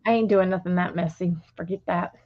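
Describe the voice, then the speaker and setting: A woman's voice: fairly low pitch, fairly even intonation, a little fast, dry recording. A woman co-hosting a craft stream, chatting casually and tossing in dry jokes. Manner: dry joking asides. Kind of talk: casual chat while crafting. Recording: dull lo-fi stream audio.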